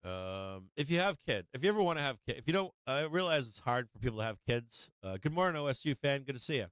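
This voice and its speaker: Smooth-voiced man chatting on a live stream. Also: mid-range voice, very animated, fast talker, a bit bright, dry recording. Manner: rambling, chatty, greets viewers by name with frequent "uh"s. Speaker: live-stream market show host. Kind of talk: casual live-stream chat. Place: home.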